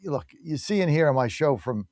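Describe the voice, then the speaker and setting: Combative talk radio host, higher-voiced man. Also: expressive, moderate pace, darkish tone, dry recording, clean studio sound. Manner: combative, mocking, repetitive and blunt. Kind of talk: opinionated talk radio monologue.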